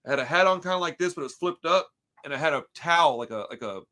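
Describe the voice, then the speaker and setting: A slightly high, expressive man talks at a quick pace with a sharp edge. He's a Houston, Texas podcast host in his thirties, rambling through casual stories peppered with "dude," "bro" and swearing.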